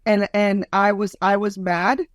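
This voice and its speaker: A woman's voice: medium pitch, unhurried. A woman stand-up comedian telling stories bluntly as a talk-show guest, with lots of "like" and acted-out quotes. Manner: blunt, animated storytelling with lots of "like". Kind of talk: casual talk-show chat.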